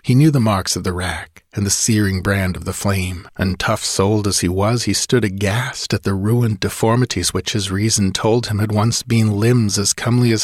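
A man narrating an audiobook in a measured, dramatic way. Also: fairly low pitch, no echo, studio quality.

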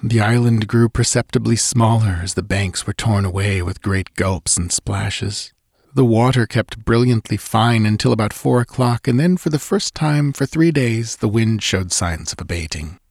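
A man reads a literary story aloud in a measured, somber first-person voice. His voice is low-pitched, and the recording is dry and close. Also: a little mellow, dry recording. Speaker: audiobook narrator. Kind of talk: scripted narration of a literary tale.

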